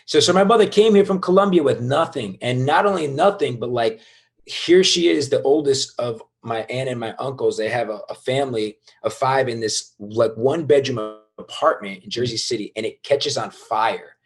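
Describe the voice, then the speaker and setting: A man in his thirties speaks as an interview guest, recounting his rise and fall with emphatic energy. His voice sits at an ordinary middle pitch, and his talk is loose and casual, with occasional swearing. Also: normal speed. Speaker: guest entrepreneur.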